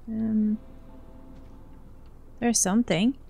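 A woman's voice: a little high, lively intonation, takes it slowly, pauses often. A woman giving chatty let's play commentary, often scolding herself and talking back to game characters. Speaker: gaming streamer.

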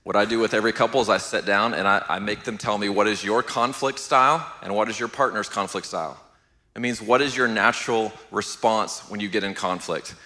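Middle-aged pastor teaching a marriage class, lowish voice, calm and steady, hall echo behind him. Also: male voice, a little fast. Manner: steady, even-keeled, asks the room "how many know". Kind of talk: conversational church class teaching.

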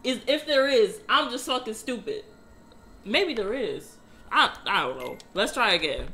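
A woman playing a video game and commenting casually, swearing and yelling excitedly at the screen. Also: medium pitch, normal speed, slight background noise. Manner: profane, excitable, yells at the game. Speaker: gamer.

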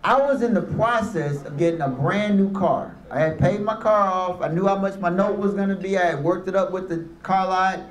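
A man delivers a motivational speech, pulling his listeners in with stories and calls for an amen. His voice sits high for a man. It rings around an echoey room full of people. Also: normal speed, few pauses. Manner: storytelling with call-and-response. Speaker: motivational speaker. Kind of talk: motivational speech to youth and parents. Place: room with a live audience.

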